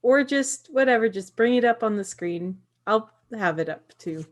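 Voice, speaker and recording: A woman's voice: on the high side, lively intonation, moderate pace. A woman running a tabletop card game as game master, giving laid-back instructions in casual chat.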